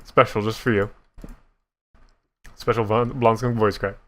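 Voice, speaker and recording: A young man giving casual, self-mocking commentary while he builds in a block game, with a deep voice that sometimes cracks. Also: level tone, a little slow. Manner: chatty, self-mocking, laughs at his own slips. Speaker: gaming YouTuber.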